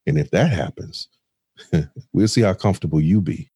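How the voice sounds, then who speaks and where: A man's voice: sits low, animated, normal speed, dark tone, breathy edge, no echo, studio quality. A man co-hosting a podcast, giving an impassioned warning. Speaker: podcast co-host. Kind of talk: impassioned commentary.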